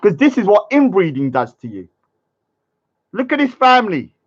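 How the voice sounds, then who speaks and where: A man's voice: sits high, very animated, moderate pace, lo-fi sound. A man giving casual, mocking commentary over memes and laughing at his own jokes. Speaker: video commentator.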